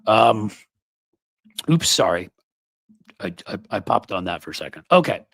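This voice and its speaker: A sarcastic, rambling political commentator in his fifties, from New York City. His low, husky voice sits close on a studio mic in a dry room. He mocks and riffs freely as he talks. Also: very animated, a little slow, a bit bright, no echo. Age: 50s. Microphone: studio microphone.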